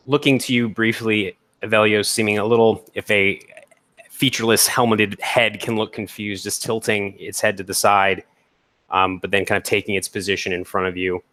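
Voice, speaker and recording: Guy at a tabletop game, lowish voice, laid-back, narrating his character's moves. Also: sharp tone. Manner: casual, checking with the game master. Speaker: player. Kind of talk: describing his character's actions.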